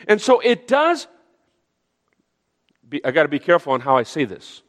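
A man delivers an emphatic sermon, circling back on phrases and restarting sentences as he builds his point. His voice sits slightly high for a man. Long reverb from a large hall trails each phrase. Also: sing-song, moderate pace, pauses often. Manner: earnest, emphatic, repeats phrases with frequent restarts. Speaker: preacher.

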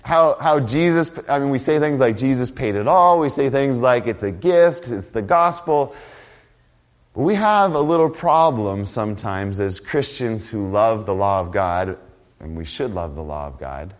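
Speaking at a normal pace, an animated male pastor delivers a conversational sermon, alternating between loud, emphatic lines and quiet, low asides.

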